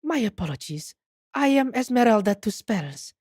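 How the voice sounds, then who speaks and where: A woman's voice: fairly high pitch, big pitch swings, moderate pace, a little mellow, husky, no room sound, studio quality, pitched above the performer's own voice. A woman reading a theatrical female waxwork museum owner from a game in a put-on French accent, grand and mannered. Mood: haughty. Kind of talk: reading game dialogue aloud.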